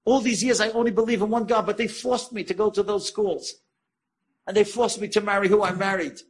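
A man with a gravelly voice voicing a dying older woman who insists on her faith. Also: high-pitched, steady tone, fairly quick, voice pushed up. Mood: insistent. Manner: insistent, repeating herself.

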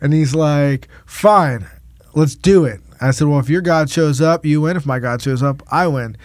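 A man with a slightly raised voice tells a story as a pastor would, animated and acting out every quoted line. The sound is dry and close to the mic, with no room around it. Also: on the high side, moderate pace, no echo. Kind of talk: casual podcast storytelling.

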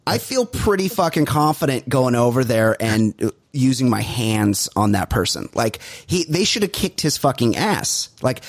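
A man's voice: medium pitch, husky, no room sound. A man co-hosting a podcast, casually recapping a reality show, acting out quotes and swearing freely. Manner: animated storytelling, acts out quotes, swears freely. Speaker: podcast co-host. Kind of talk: casual chat.

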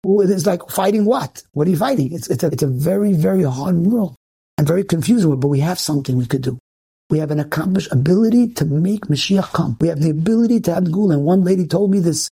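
A rabbi telling inspirational stories in an earnest way, often repeating and restarting phrases for emphasis. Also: male voice, fairly high pitch, expressive, quick pace, warm tone, slightly rough.

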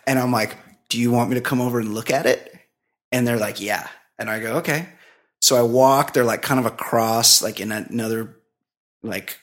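Rambling, laughing middle-aged man telling a story. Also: mid-range voice. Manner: rambling anecdote full of "like", laughs often. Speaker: podcast co-host. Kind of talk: casual storytelling chat.

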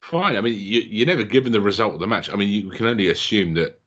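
Deep-voiced man on a dull lo-fi mic. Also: quick pace, a bit bright. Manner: easygoing, laughs often. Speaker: podcast co-host. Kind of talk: casual chat reviewing a wrestling show.

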